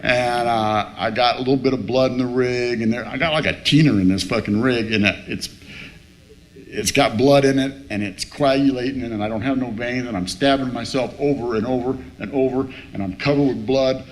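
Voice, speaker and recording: A man's voice: mid-range voice, normal speed. A man in his fifties telling his recovery story at a meeting, a joking, profane storyteller who laughs at himself, speaking into a stage mic in a room with a live audience. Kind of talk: personal story told to a meeting. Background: faint room noise and audience laughter.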